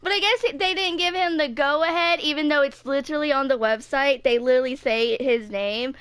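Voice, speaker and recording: Woman in her twenties, high-pitched, bright tone, casual stream chatter, filler-heavy. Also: fairly quick, no room sound. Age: 20s. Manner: chatty, lots of "like" and "dude". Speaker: gaming streamer. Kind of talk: casual live-stream chat.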